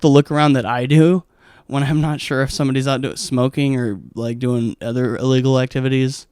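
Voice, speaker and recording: Rambling, profane comic, smooth dry voice. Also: male voice, mid-range voice, fast talker, darkish tone, no room sound. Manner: rambling, profane, heavy with fillers. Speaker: stand-up comic. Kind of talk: casual monologue storytelling.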